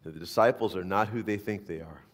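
A man's voice: deep voice, a little fast. A man preaching a sermon in a church hall, talking in a loose, conversational way and often checking in with the listeners. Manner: conversational, animated, asks the listeners "right?". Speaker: pastor. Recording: long hall reverb.

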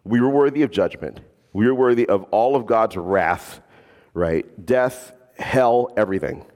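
A man preaching a sermon as a pastor, animated and casual, slipping in jokes. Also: lowish voice, unhurried, long reverb tail.

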